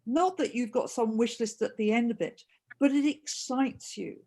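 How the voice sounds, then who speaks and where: A woman's voice: fairly high pitch, moderate pace, dark tone. A woman co-hosting a webinar discussion, talking earnestly and often restarting her phrases. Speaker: co-host and consultant.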